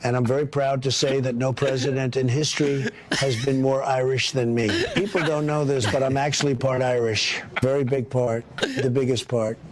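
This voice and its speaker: A man doing a comic impression of a boastful male president, bragging in repetitive superlatives with a deadpan delivery. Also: medium pitch, moderate pace, few pauses, slight background noise, lightly acted. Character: boastful rambling male president, self-praising. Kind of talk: comedic impression sketch.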